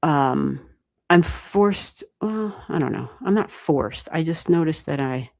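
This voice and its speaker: An American woman giving astrology readings on a livestream, thinking aloud and chatting with viewers in a relaxed way, with the odd swear word. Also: low-pitched, slow, creaky. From United States. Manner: thinks aloud, talks to chat, mild swearing. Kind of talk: casual livestream chat.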